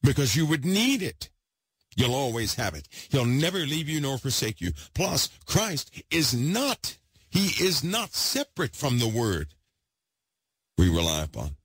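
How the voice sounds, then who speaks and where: A man preaching with great excitement, repeating himself for emphasis and swinging from loud bursts to hushed asides. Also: mid-range voice, a little slow, breathy edge, dry recording. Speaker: podcast host preaching. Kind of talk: impassioned preaching.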